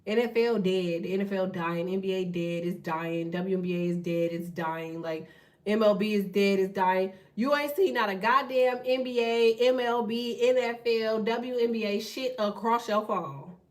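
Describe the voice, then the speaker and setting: A woman hosting a tarot channel, talking in a blunt, profane, fast casual rant. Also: mid-range voice, far from the mic. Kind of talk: casual ranting monologue.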